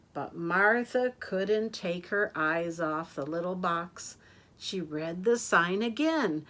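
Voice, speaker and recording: An older woman reading picture books aloud to children, gentle and animated, pausing for asides to her listeners. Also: fairly low pitch. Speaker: storyteller.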